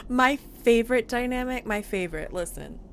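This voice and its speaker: A woman's voice: on the high side, lively intonation, moderate pace, a little hiss or hum. A woman streamer chatting casually about her role-play character, rambling and laughing often.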